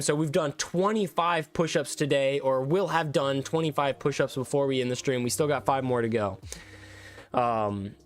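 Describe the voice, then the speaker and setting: A young man talking casually to his stream from his room at home, thanking viewers at length in a rambling, effusive way with many restarts. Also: a little high. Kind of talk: casual livestream sign-off chat.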